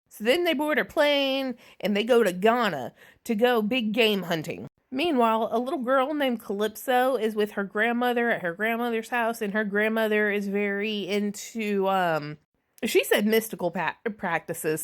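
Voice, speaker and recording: A woman giving a casual, sarcastic spoiler recap of a movie, chatty and swearing freely with many asides. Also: fairly high pitch. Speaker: movie reviewer.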